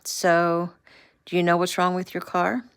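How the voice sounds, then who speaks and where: A polite, earnest city businessman, easily rattled and wary of guns, as a woman reader voices him. Her own slightly low voice carries him with no heavy disguise. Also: completely flat delivery, measured pace, smooth, no room sound, studio quality. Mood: flustered.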